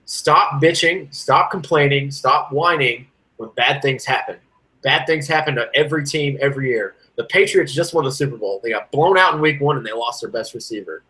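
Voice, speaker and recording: A man's voice: moderate pace, poor audio. A man co-hosting a sports podcast, chatting casually and ranting with rising and falling energy. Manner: animated, ranting, swings from loud to low. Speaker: podcast co-host.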